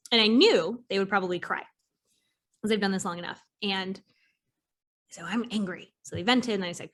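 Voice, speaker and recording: A woman hosting a casual interview podcast, a therapist who talks in an animated way, swears casually and acts out her clients' voices. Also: mid-range voice, moderate pace.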